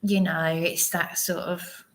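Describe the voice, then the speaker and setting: A woman's voice: lowish voice, little pitch movement, slow. A woman talking to camera in a rambling, apologetic vlog, often restarting her sentences. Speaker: vlogger. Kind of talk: casual monologue to camera.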